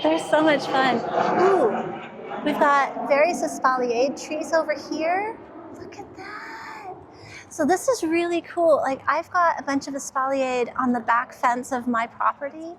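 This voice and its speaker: A woman with a high, bright-toned voice strolls through an outdoor garden center, gushing over what she sees and laughing often. She talks at an easy, unhurried pace into a handheld camera. Faint outdoor ambience sits behind her. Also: background noise. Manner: gushing, enthusiastic, quick to laugh. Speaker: garden vlogger. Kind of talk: casual walk-through vlog.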